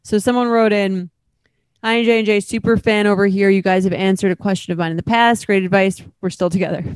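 A woman's voice: mid-range voice, fairly even intonation, brisk, clear, resonant tone, no echo. A woman co-hosting a podcast. She reads listener emails aloud and then chats about them casually. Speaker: podcast co-host. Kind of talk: casual chat, reading listener mail.

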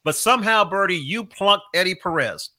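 A man hosting a podcast interview, telling a story in an animated way and asking leading questions. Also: high voice, moderate pace. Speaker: podcast host.

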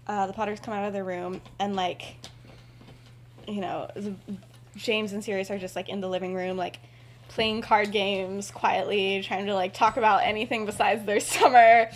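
A woman's voice: steady tone, normal speed. A woman casually retelling a fan story on a podcast, rambling with lots of "like" and "um" fillers. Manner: drops into soft, low asides.

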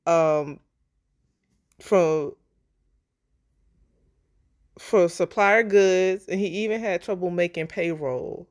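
A woman's voice: fairly low pitch, a little mellow. A woman co-hosting a true-crime podcast, telling the story in a casual, chatty way. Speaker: podcast co-host.

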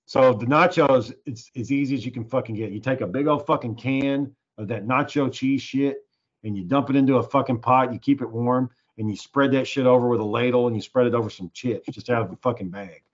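Profane, animated male storyteller. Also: mid-range voice, brisk. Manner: profane, animated, acts out quoted voices. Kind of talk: casual storytelling chat. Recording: dull lo-fi recording.

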